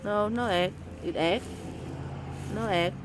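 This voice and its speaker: A mother vlogging in her yard on a handheld phone chats casually in simple, broken English, apologizing over and over. Her voice is mid-range and her pace slow, and the recording is very noisy.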